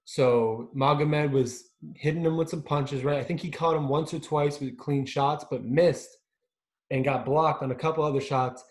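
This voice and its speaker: A man's voice: on the high side, steady tone, normal speed. A man co-hosting a sports podcast in a casual chat. He keeps checking in with "right?" and hesitates over his words. His voice rings in a roomy, echoey recording. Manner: chatty, leans on tag questions, hesitant with fillers. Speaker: podcast co-host.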